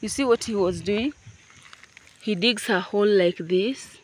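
A woman's voice: mid-range voice, measured pace, a little hiss or hum. A woman with a Kenyan accent, chatting playfully to her viewers outdoors at a home building site. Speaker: vlogger. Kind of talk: casual vlog chat.

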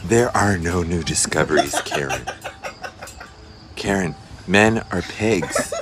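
A man's voice: low voice, expressive, takes it slowly, noisy background. A man playing a brash, vain female talk show host and fussing mother, campy and boastful.

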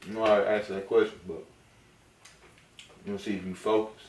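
Casual male vlogger, playful, soft-spoken father at home; roomy, distant-mic sound. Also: on the low side, fast talker. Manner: relaxed, playful, often softly spoken. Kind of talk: casual mukbang chat with his baby. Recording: echoey room, mic at a distance, faint noise.

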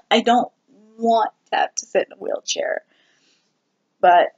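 A vlogger giving a candid personal update, talking slowly and haltingly with many ums and restarts. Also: mid-range voice, wildly swooping pitch, slightly rough, highs cut off. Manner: candid and self-deprecating. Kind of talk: casual personal health update.

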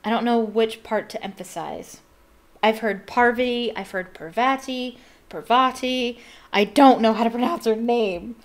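A woman's voice: on the high side, fairly even intonation, moderate pace, darkish tone. A woman hosting a casual read-aloud, chatting in rambling, giggly asides. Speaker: reader and host.

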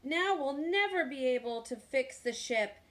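A woman voicing a loud, blustering male pirate captain in a picture book read aloud. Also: high-pitched, lively intonation, a little slow, voice pushed up. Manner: hollering pirate talk.

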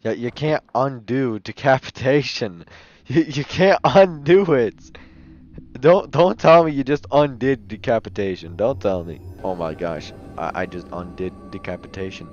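A young man giving excitable, joking let's-play commentary, often yelling. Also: mid-range voice, unhurried, highs cut off. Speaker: gaming youtuber. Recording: loud game music behind.

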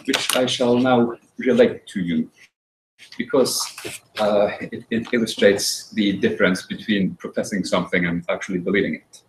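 A man giving a talk and telling a folk tale, with dry, wry humor and frequent halting restarts. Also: on the low side, a little hiss or hum. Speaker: speaker. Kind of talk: storytelling talk. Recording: roomy echo.

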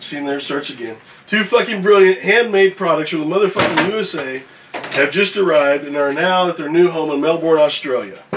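A man's voice: on the high side, far from the mic, noisy background. A man on a casual morning show reading a viewer's email aloud, cursing and joking as he stumbles through it. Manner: profane, joking, reads with stumbles.

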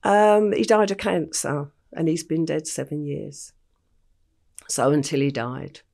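An older woman from England, a podcast guest recounting her life story in a plain, unhurried way with frequent ums. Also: sits low, fairly even intonation, gravelly, darkish tone.

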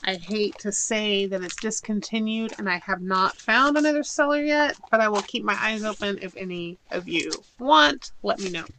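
A woman's voice: medium pitch, animated, normal speed, few pauses, pushed and bright, poor audio. A middle-aged woman chatting casually to viewers while unboxing a haul, with giggles along the way. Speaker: haul vlogger. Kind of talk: casual haul video chat. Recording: audible background noise.

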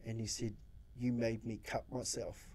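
A man's voice: mid-range voice, level tone, unhurried, darkish tone. A New man, a social worker, telling stories in a casual interview, acting out his own quotes and swearing freely. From New Zealand.

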